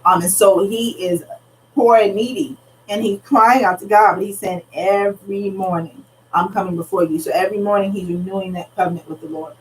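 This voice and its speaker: A woman's voice: mid-range voice, a little fast. A woman pastor teaching a Bible study in an earnest, conversational way, retelling scripture in everyday speech. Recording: slightly distant mic, faint background noise.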